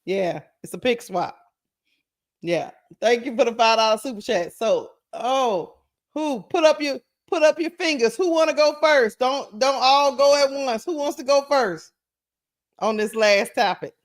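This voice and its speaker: A woman's voice: sits high, a little slow. A woman hosting a live-stream sports talk show, chatting loosely and reading out super chats. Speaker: show host.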